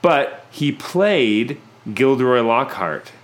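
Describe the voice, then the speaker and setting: A man's voice: mid-range voice, lively intonation, slow. A man hosting a casual film review chat, talking things through aloud with frequent restarts. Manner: chatty, thinks aloud with restarts. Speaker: podcast host, film reviewer.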